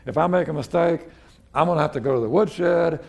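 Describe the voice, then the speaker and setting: A man's voice: fairly high pitch, fairly quick, vocal fry. A man, preaching a sermon as pastor in a folksy, conversational way with frequent restarts.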